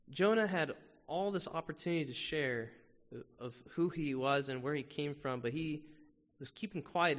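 A man's voice: fairly high pitch, a bit bright. A man preaching a sermon as pastor, talking to the congregation in a conversational way with frequent rhetorical questions. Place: church sanctuary. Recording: muffled sound with long hall reverb.

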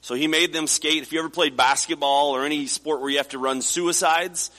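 A US pastor in his forties preaches a sermon in a church sanctuary, telling stories conversationally and often restarting. His fairly high, steady, sharp-toned voice moves fairly quickly, and the hall is reverberant.

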